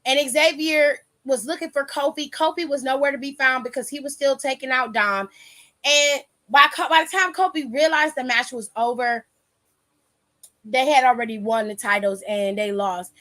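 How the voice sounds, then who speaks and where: A woman's voice: sits high, normal speed, pushed and bright. A woman hosting a podcast, casually retelling a match with quoted dialogue and some swearing. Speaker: podcast host. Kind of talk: casual wrestling recap.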